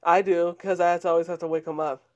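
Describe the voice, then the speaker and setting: Higher-voiced young man telling stories. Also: fast. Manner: animated storyteller, laughs often. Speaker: podcast co-host. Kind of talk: casual chat.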